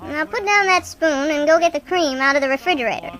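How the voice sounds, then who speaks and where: A woman's voice: high voice, brisk, fairly bright tone, poor audio. A woman voicing a wisecracking, bossy male talking mule in an improvised radio comedy. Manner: dry teasing wisecracks, bossy.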